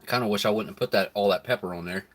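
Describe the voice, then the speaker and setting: A man hosting a relaxed live stream, talking between bites in an easygoing, chuckling way. His voice sits a bit low, and the talk stays casual chat. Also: racing. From United States. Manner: laid-back, chuckles often, talks between bites. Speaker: live stream host reviewing rations.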